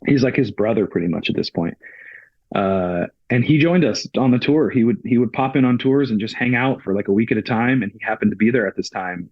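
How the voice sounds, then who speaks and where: A man's voice: medium pitch, brisk, no room sound. Man, dry close sound, slightly dull lo-fi audio, casual storytelling, keeps retelling what he said. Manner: retells events with frequent "I was like" quotes. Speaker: touring crew member, podcast guest.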